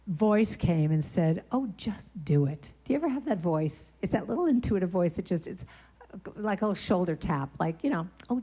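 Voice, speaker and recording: A woman's voice: medium pitch, mellow. A woman speaker giving a conversational sermon at a church, telling stories and breaking into short sung lines. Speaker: guest speaker and singer. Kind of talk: storytelling sermon talk. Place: church sanctuary.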